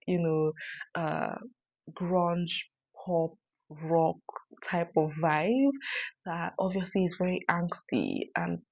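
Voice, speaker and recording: A woman's voice: on the low side, darkish tone, breathy edge, dry recording, highs cut off. A woman hosting a casual song reaction, chatting through lyrics with lots of fillers. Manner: chatty, filler-heavy analysis. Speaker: music reaction host.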